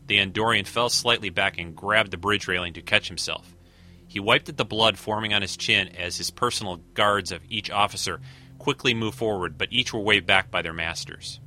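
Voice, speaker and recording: Deep, bright-edged male story reader. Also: moderate pace. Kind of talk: fan audio story reading.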